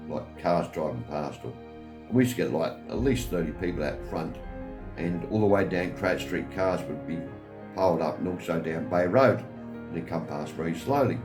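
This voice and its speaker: Older English man spinning family yarns. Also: low voice. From England. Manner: chatty, chuckling, acts out quoted voices. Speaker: vlogger. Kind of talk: rambling family storytelling. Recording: roomy with faint music behind.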